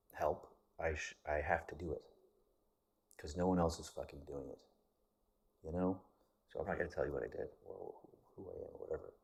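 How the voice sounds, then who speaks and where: A man with a very deep, husky voice talks in a flat, even tone through a casual vlog monologue. He rambles candidly, restarting his sentences and swearing casually. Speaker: vlogger.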